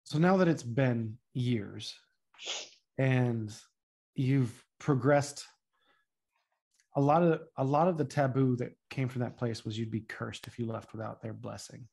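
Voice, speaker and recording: An interviewer who gently encourages guests to share, with easy laughter. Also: medium pitch, unhurried, creaky, husky. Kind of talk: casual interview.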